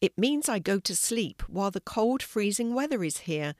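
Grandma doing a brisk kindly hedgehog. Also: female voice, medium pitch, very animated, darkish tone, no echo, studio quality, lightly acted. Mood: friendly. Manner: brisk and chatty. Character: kindly male hedgehog, busy and practical.

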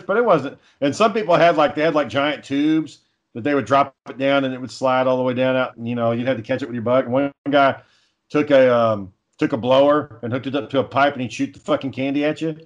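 A man's voice: mid-range voice, lo-fi sound. A man in casual chat, telling stories in a laid-back way, swearing often and chuckling.

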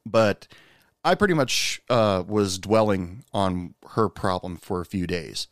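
Low, smooth-voiced man telling a story. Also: no echo, clean studio sound. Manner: candid, confessional, unhurried. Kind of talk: casual personal storytelling.

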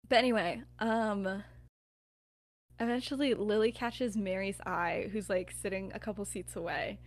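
A woman's voice: medium pitch, steady tone, a little slow, dry recording. A young woman co-hosting a podcast, casually telling a story with lots of filler words and laughter. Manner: chatty, filler-heavy with frequent "like", laughs often.

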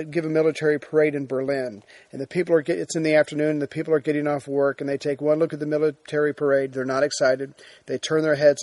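A man's voice: on the high side, darkish tone, dry recording. A man giving an informal history lecture, retelling events in a conversational way with frequent fillers and restarts.

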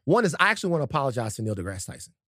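Animated, joking podcast host man. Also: mid-range voice, rapid-fire, no room sound, clean studio sound. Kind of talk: casual chat.

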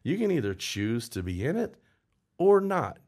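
A man's voice: mid-range voice, brisk, husky. A man who writes songs, telling a story in an interview, rambling and acting out what people said. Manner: animated, rambling, acts out quotes in raised voice. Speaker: songwriter.

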